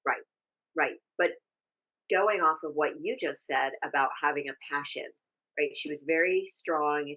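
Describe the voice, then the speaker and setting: A woman's voice: low-pitched, a little slow, sharp tone, low-quality recording. A woman co-hosting a casual podcast chat, talking through a TV episode in an opinionated way, often trailing off and restarting. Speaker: podcast co-host. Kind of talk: casual chat recapping a TV show.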